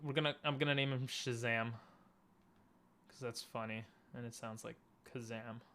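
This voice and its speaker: A man streaming a game live from his room, talking to himself in halting, frustrated bursts with frequent restarts and laughs. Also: medium pitch, steady tone, bright, forceful tone, smooth. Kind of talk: live gameplay commentary.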